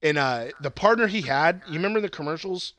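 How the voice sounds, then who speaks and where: Casual podcast co-host, man with a tense bright voice, excited rambling plot recap full of profanity. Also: on the high side, a little fast, slight background noise. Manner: excited, rambling, swears a lot, laughs at bits. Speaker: podcast co-host reviewing movies.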